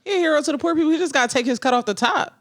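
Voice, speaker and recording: A woman's voice: high voice, racing, no echo, studio quality. A woman co-hosting a podcast, joking and teasing in slangy casual chat. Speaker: podcast co-host.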